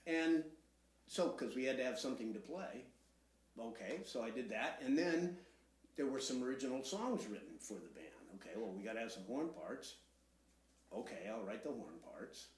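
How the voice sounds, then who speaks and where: A man who is the guest in an interview, speaking in a relaxed, low-key way. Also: moderate pace, echoey room, a little hiss or hum. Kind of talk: casual interview talk.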